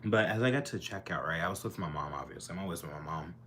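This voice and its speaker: A man's voice: deep voice, fast, sharp tone. A young man telling a casual storytime to camera in his bedroom, chatty and sassy with lots of fillers. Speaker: vlogger.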